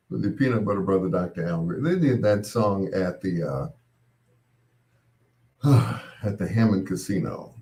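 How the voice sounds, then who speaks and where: A man's voice: low-pitched, animated, a little slow, pauses often, dark tone. A man hosting a late-night radio show, chatting in a laid-back way with wry asides.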